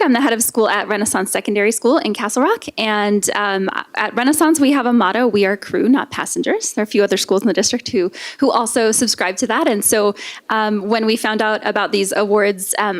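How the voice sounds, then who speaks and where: Woman head of school thanking her community, stops and restarts a lot. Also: mid-range voice. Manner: halting, repeating words. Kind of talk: short acceptance remarks.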